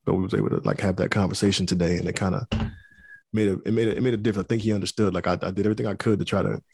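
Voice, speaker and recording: A man's voice: deep voice, rapid-fire, creaky, breathy edge. A man, co-hosting a podcast and telling a story in casual chat, acting out quotes. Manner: animated storytelling, acts out quotes loudly. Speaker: podcast co-host.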